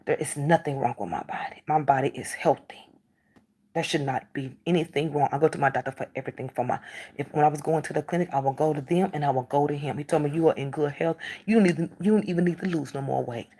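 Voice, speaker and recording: A middle-aged woman with a low, husky voice and a gravelly edge. She talks casually and emphatically, repeating herself and acting out quoted exchanges. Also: darkish tone. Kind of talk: casual monologue to camera.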